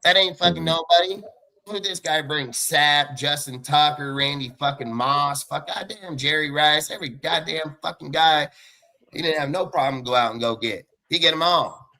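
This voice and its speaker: Guy on a live fan podcast, bright tense voice, cussing nonstop, blunt and heated. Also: mid-range voice, rough recording. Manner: profane, heated ranting; fast and blunt, many fillers like "dude".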